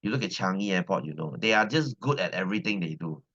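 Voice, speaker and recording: Deep-voiced and expressive, this man talks fast with a fairly bright tone. He's a science teacher from Selangor, Malaysia, bantering casually with his class in Malaysian English, repeating lines and tossing in "right?" again and again. It's a dull, lo-fi recording.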